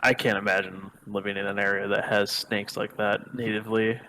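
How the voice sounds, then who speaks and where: A man's voice: lowish voice, little pitch movement, brisk, very noisy. A man co-hosting a podcast, chiming in with blunt, swearing comments in casual chat. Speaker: podcast co-host.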